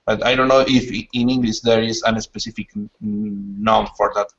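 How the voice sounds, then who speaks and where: A Spanish-accented man speaks up as a student, his English halting as he hunts for the right words. His voice sits a bit low and sounds far from the mic. The audio is muffled and lo-fi. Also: fairly even intonation, creaky, a bit bright. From Spain.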